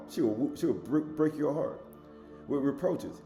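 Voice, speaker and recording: Mellow-voiced man preaching in a roomy space. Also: very animated, measured pace, soft background music. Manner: swings between loud emphatic reading and low murmured asides; colloquial, rhetorical questions to the listener. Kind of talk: sermon with scripture reading.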